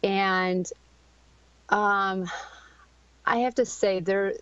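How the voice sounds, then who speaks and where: A middle-aged woman pours out a raw personal story as a podcast guest, halting often and restarting her sentences. The recording is dry and a bit dull, with no room sound. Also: medium pitch, steady tone, a bit bright, clean tone, dry recording. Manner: halting, searching for words, many ums and restarts.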